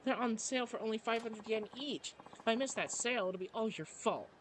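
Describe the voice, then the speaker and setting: A man's voice: high-pitched, brisk, fairly bright tone, slight background noise, low-quality recording. A man reading a game aloud, voicing a vain young female idol rival with a haughty, taunting manner. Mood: petulant. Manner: haughty, taunting, self-important. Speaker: let's play narrator.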